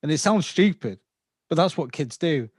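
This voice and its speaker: Here a man in his fifties, English with a slight Scouse lilt, talks at a moderate pace in a fairly high, lively, somewhat dark voice. As a podcast guest in relaxed interview conversation, he gives long explanations and checks in with the listener, captured in a clean studio with no room sound.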